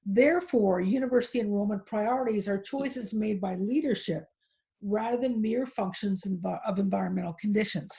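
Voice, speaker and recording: A woman hosting a podcast who reads out research findings and then puts questions to her guest, with a slightly husky voice. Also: mid-range voice, normal speed, dark tone. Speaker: podcast host. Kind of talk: podcast interview.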